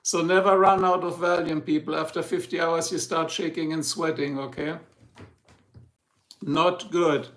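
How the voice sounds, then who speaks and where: A man's voice: on the high side, flat delivery, measured pace, a bit bright. A middle-aged man with a German accent, a native German speaker, hosting a casual livestream and chatting with viewers in a rambling, joking way. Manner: rambling, joking, addresses chat by name. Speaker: livestream host.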